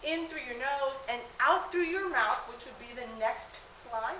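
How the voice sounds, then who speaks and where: A woman working as a high school athletic trainer, talking casually to students, often asking "okay?" and laughing. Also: expressive, a little slow, bright, forceful tone, slight background noise. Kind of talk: classroom talk to students. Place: school room. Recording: echoey room.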